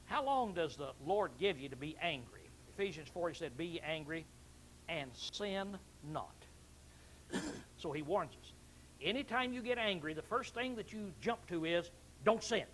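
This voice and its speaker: A male pastor preaching a sermon, animated, acting out angry outbursts and often clearing his throat. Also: a little high, unhurried, a little hiss or hum, poor audio.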